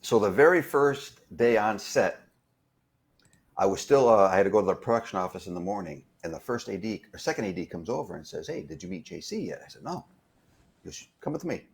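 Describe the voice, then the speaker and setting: A man with a fairly low voice tells anecdotes from a film set in a relaxed interview. He talks in a rambling way, full of fillers and restarts. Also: a little fast. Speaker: guest, stunt performer. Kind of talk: casual storytelling interview.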